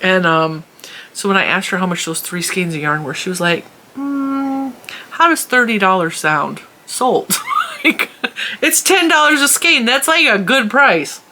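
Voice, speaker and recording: A woman chatting casually as a crochet vlogger, animated, laughing often and acting out what people said. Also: medium pitch, normal speed, slight background noise. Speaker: crochet YouTuber. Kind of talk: casual chatty vlog storytelling. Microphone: camera in a room at home.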